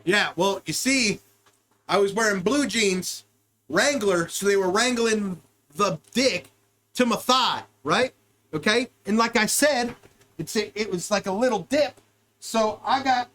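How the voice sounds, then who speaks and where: A man's voice: sits high, a little slow, fairly bright tone. A man hosting a podcast, telling rambling, crude comic stories and jumping between wild tangents. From United States. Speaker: podcast host. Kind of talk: rambling comedic storytelling.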